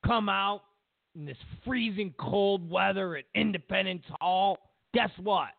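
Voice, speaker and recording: A man's voice: high-pitched, measured pace, vocal fry, no room sound. A man hosting political commentary, ranting with sarcastic, mocking jabs. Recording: tinny phone-like line, dry.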